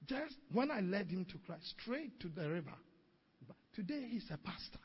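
A male pastor telling a testimony in an animated sermon, recorded dull and distant-sounding in a hall with long echo. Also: high voice, moderate pace, noisy background. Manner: storytelling, animated, exclaiming.

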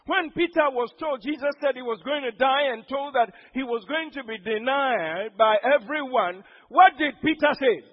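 Pastor guy, really high voice, preaching loud then soft, muffled echoey church sound. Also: moderate pace, hardly any pauses. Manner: preaching with sudden loud emphatic outbursts. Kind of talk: sermon.

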